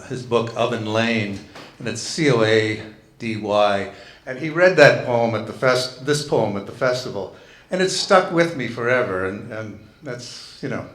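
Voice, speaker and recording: A man telling a halting, rambling story with fillers and restarts, then reading a poem aloud at a poetry salon. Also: on the low side, a bit bright. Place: lounge bar, indoors. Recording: echoey room.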